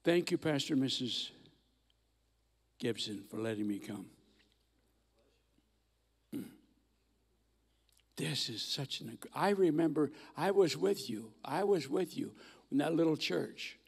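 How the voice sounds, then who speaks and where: A man's voice: on the high side, lively intonation, takes it slowly, creaky, long pauses, slightly rough. An older man in his eighties, a guest preacher giving a folksy, humorous sermon with stories in a large church sanctuary. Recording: long church hall reverb.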